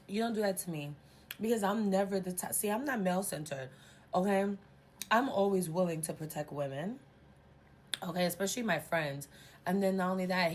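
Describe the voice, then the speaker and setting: Young woman, storytime vlog, animated and cussing, lowish voice, faint background noise. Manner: animated, profane, acts out quotes. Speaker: storytime vlogger. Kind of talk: casual storytime while eating.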